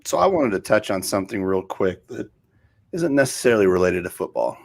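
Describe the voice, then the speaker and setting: A middle-aged man co-hosts a casual podcast, chatting in an easygoing, rambling way. His voice is low-pitched and sing-song, and he talks briskly.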